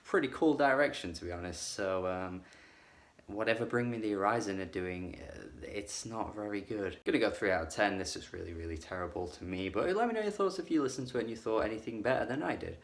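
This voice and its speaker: A man's voice: on the low side, expressive, fairly quick. A man giving a casual spoken album review, blunt and critical, with lots of "like" fillers. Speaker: music reviewer.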